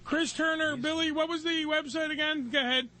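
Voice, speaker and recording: Loud jokey guy hosting a chat show, crude banter, sharp bright tone. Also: very high voice, steady tone, a little fast. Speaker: host. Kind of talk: casual talk show chat.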